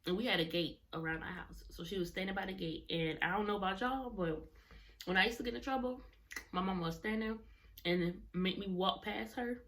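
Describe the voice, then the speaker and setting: A woman's voice: medium pitch, fairly quick, a bit bright. A young adult woman vlogger telling a personal story in casual, rambling talk, often correcting herself mid-sentence. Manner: rambling, self-correcting, colloquial.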